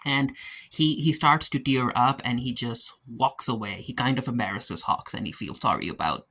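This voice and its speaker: A man in a mid-pitched, everyday voice talks through a TV episode as a reviewer. His delivery is loose and chatty, with frequent fillers and restarted phrases as he thinks aloud. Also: moderate pace, pushed and bright, breathy edge. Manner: chatty, with frequent "like" and false starts. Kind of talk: casual spoken recap.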